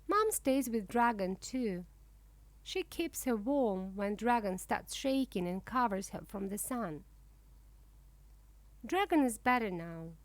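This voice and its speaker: A woman reads a children's storybook aloud, slowly and clearly, in simple first-person narration. Her pitch is fairly high and very expressive, rising and falling. The recording is close and dry, with no room sound. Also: dry recording. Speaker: storybook reader.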